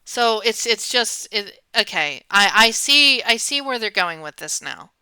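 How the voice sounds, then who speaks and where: A woman streaming a game, chatting casually and thinking out loud, animated and swearing often. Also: medium pitch, a little slow, clear, resonant tone, no echo.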